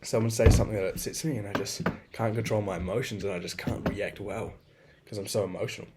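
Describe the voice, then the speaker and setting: A man's voice: fairly low pitch, steady tone, quick pace, heavy background noise. A young man talking through a rambling, frank personal monologue, swearing freely and poking fun at himself. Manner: rambling, swears a lot, frank and self-deprecating.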